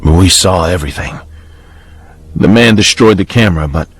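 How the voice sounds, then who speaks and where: A man voicing a father who speaks calmly with an undercurrent of unease, in a horror story. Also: normal speed, breathy edge, no room sound, faint music behind. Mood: uneasy calm. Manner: calm, lowered voice. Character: calm but uneasy father explaining to his child.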